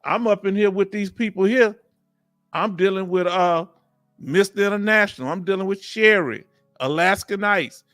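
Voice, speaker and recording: A man's voice: sits high, normal speed, no echo, clean studio sound, faint music behind. Emotional man hosting a live chat. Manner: warm, emotional, talkative, Southern US vernacular. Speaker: livestream host. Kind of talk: casual live chat, reading comments aloud.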